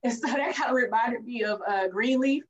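A woman co-hosting a casual movie review podcast, speaking, animated, acting out lines from the film and laughing often. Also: on the high side, a little fast, recorded from a distance, muffled recording. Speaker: podcast co-host.

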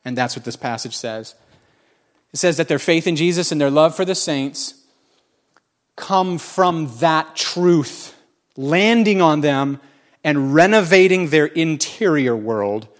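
A man in his forties delivers a sermon with a somewhat high voice. He is folksy and animated, joking with his listeners and jumping from loud exclamations to hushed asides. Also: slow. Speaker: pastor.

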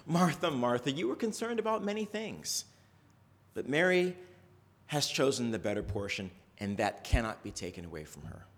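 A man voicing a calm, gentle male teacher who speaks low, soft and measured. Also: natural voice.

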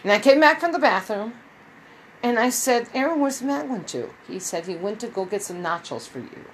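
A woman's voice: on the high side, sing-song, normal speed, a little hiss or hum, rough recording. A woman telling her viewers a long personal story in a casual, rambling way, with many restarts and quoted dialogue. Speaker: vlogger.

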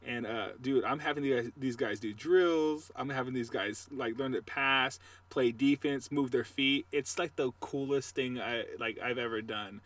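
A man co-hosting a sports podcast, chatting casually and telling animated, trash-talking stories. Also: medium pitch, normal speed, few pauses, far from the mic. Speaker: podcast co-host.

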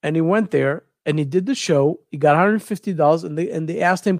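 High-voiced man retelling a story. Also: brisk, dry recording, clean studio sound. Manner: searches for words, repeats phrases, animated retelling. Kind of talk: casual storytelling.

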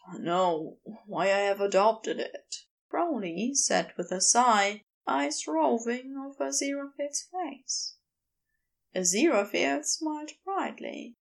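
Slow, emotive woman narrator. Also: fairly high pitch, creaky. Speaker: podfic reader. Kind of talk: audiobook narration.

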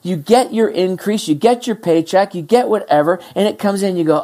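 A pastor preaching a sermon in a lively, conversational way, with a mid-pitched voice. Emphatic points rise high, then the voice drops to quiet, low asides. Between points the pastor acts out what the listeners are thinking. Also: a little fast, few pauses.

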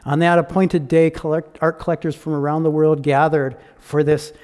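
A man telling a story in a sermon, restarting phrases often and dropping to hushed tones. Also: fairly high pitch, flat delivery, moderate pace, clean tone. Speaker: pastor. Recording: long reverb of a large hall.

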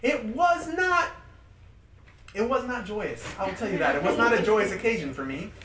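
A man teaching a small group in a relaxed, lively way. He leans on repetition and often laughs mid-story. His voice sits a little high and comes from some distance off the mic, in a roomy space with a faint hiss underneath. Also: normal speed. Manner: animated, emphatic repetition, laughs while telling stories. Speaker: Bible study leader.

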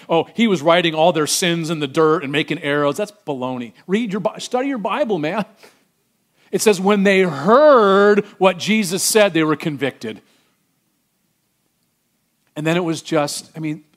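A middle-aged man preaching a sermon, acting out voices and swinging from loud declarations to hushed, tender lines. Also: fairly high pitch. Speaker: pastor.

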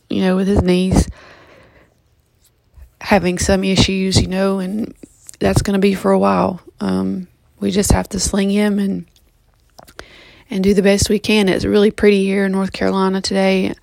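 Flat, gravelly-voiced woman talking straight into a dry mic. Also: mid-range voice, dry recording. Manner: halting, many ums and restarts. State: just woke up, yawning. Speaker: vlogger giving a pet health update. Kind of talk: casual update vlog.

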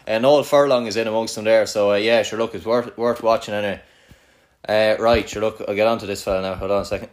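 A man's voice: on the low side, fairly even intonation, quick pace. A young man with an Irish accent from Kildare, hosting casual banter with a friend, teasing and swearing a lot, with many "like"s.

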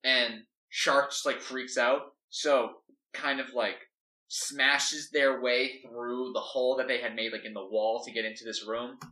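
A man's voice: medium pitch, flat delivery, unhurried, sharp tone. A man talking through a story plan casually, rambling and filling gaps with "like". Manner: rambling, full of "like". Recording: echoey room, mic at a distance.

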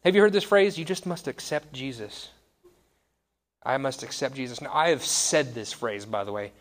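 A man's voice: mid-range voice, very animated, normal speed. A man in his thirties giving a conversational sermon, wry and self-deprecating. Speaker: pastor.

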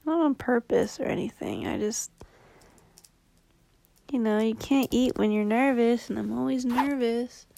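Young woman rambling in a low, gravelly voice. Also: a little slow, long pauses, warm tone. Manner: low-key, rambling, often drops to a whisper; blunt, with swearing. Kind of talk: casual confessional vlog.

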